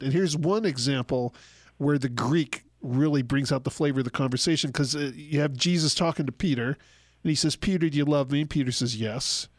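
A man explaining Bible passages in a relaxed radio talk, acting out the quoted dialogue as he goes. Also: fairly high pitch, dry recording, studio quality. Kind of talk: conversational Bible teaching.

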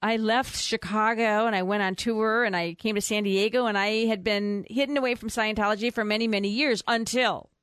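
A woman's voice: mid-range voice, fairly even intonation, a little fast, few pauses, a bit bright, smooth, no room sound, clean studio sound. A middle-aged woman telling her personal story as an interview guest. She rambles with fillers and restarts, and acts out the voices of the people she quotes.

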